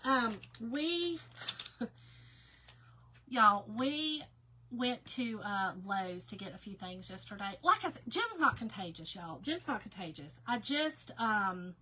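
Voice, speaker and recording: A woman's voice: fairly high pitch, very animated, slow pace, bright, forceful tone, slight background noise. A woman, chatting folksily to viewers during a casual craft tutorial and laughing often. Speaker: craft vlogger.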